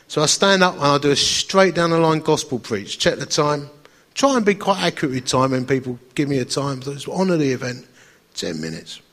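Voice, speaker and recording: A man, an evangelist telling a funny story to an audience in a lively, self-mocking way and acting out the dialogue. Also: a little high, brisk, in a large hall.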